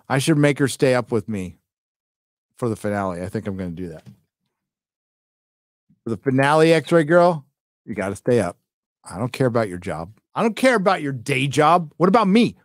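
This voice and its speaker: A man hosts a late-night live stream, sounding tired and sarcastic as he reads donation messages aloud. His pitch jumps around a lot and stays animated. He sits close to a mic in a dry room with no echo. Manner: sarcastic, mocking, laughs while reading.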